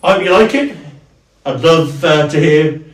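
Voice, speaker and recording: A man casually walking through his costume, chatty and halting, with fillers and restarts. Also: a little high, roomy sound, far from the mic. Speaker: cosplayer, video host.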